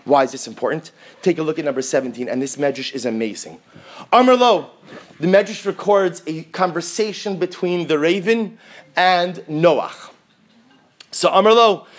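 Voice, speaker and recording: A man, a rabbi, giving an animated Torah class full of rhetorical questions and Hebrew terms. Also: high voice, fairly quick. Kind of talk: sermon-style Torah class.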